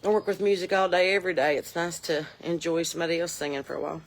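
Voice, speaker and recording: In an improvised comedy monologue, a woman in her forties plays a nosy, folksy Southern mom rambling with a drawl on her porch outdoors. Her voice is on the low side, quick, and close to how she'd normally speak.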